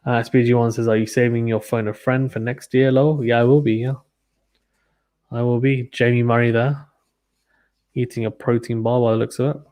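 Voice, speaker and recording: A man's voice: medium pitch, little pitch movement, moderate pace, darkish tone. A young British man hosting a casual live tennis watchalong, chatting and reading viewer comments aloud. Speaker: live stream host.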